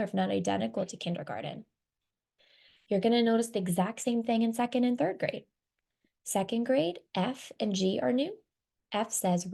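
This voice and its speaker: Female webinar presenter, explanatory, slightly fried low-warmth tone. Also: gravelly. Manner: explanatory, walks through slides. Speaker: reading instruction director.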